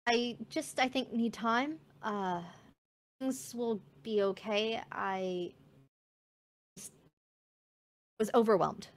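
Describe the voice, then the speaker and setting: A woman voicing a shy, shaken female mermaid singer who speaks softly and hesitantly, with halting restarts. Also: mid-range voice, close to an everyday voice.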